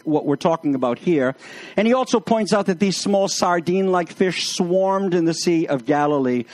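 A man's voice: on the high side, darkish tone, no echo. A man preaching a sermon, mixing jokes and anecdotes into his teaching. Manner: humorous, anecdotal storytelling. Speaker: pastor.

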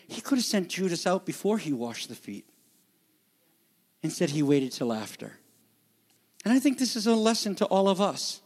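High-voiced impassioned male pastor. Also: big pitch swings, normal speed, long pauses. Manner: impassioned, swings between loud emphasis and hushed near-whispers. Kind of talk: sermon.

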